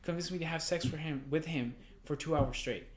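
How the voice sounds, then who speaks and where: A young man co-hosting a podcast, telling work stories in a rambling, profane, animated way. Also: fairly high pitch, brisk. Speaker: podcast co-host. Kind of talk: casual podcast chat.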